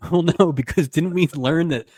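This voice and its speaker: A man's voice: on the high side, normal speed, a little mellow, no room sound, studio quality. A man co-hosting a podcast, recapping an old TV episode in casual chat and laughing often. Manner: laughs often, retells scenes with put-on voices. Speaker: podcast co-host.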